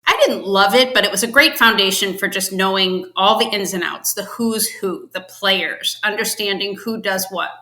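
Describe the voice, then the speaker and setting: Woman, podcast guest, chatty storyteller, bright voice, roomy echo. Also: medium pitch, normal speed, hardly any pauses. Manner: chatty storyteller, acts out quotes with laughs. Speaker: podcast guest, finance executive. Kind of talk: casual interview chat.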